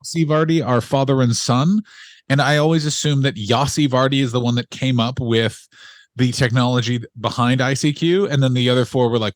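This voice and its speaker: Brief: male podcast co-host, mid-pitched, joking and opinionated, dry close mic. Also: fairly even intonation, a little fast, dry recording. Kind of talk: casual comedic podcast banter.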